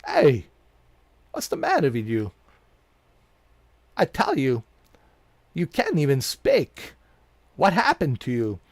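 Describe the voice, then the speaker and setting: Animated, joking male game streamer. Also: fairly high pitch, slow pace, long pauses, no room sound. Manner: joking, chatty, laughs often, talks to viewers. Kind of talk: casual live-stream commentary.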